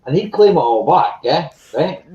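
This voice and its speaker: A man's voice: a little high, expressive, moderate pace, mellow. A man chatting casually, telling rambling stories and laughing often. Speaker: chat guest. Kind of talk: casual chat. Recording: muffled and roomy.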